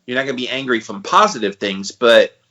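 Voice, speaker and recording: A man in his forties co-hosting a podcast, thinking out loud and steering the chat with questions. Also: medium pitch, animated, fairly quick, poor audio. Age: 40s. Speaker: podcast co-host.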